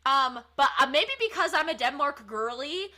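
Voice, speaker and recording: Bright, emphatic woman podcast co-host. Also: high-pitched, normal speed. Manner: emphatic, animated storytelling. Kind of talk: casual chat.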